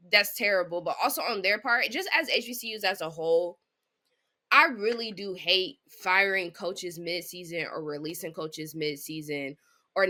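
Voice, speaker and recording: A woman's voice: fairly low pitch, pushed and bright. A young woman co-hosting a sports podcast in casual chat. She thinks aloud in an earnest, emphatic way. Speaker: podcast co-host.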